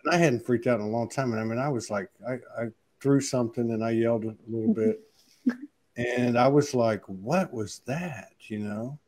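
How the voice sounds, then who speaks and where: A man's voice: medium pitch, brisk, hardly any pauses, a little mellow. Man, easygoing co-host, loose phrasing, slips into quoted voices, chatty. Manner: laid-back, says "man" and "you know", acts out quotes. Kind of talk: casual conversation.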